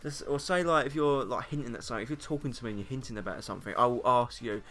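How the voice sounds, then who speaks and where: Rambling young British YouTuber. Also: male voice, mid-range voice, rapid-fire, pushed and bright. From Britain. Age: young adult. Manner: rambling, self-mocking, frequent laughs and fillers. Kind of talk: casual vlog monologue.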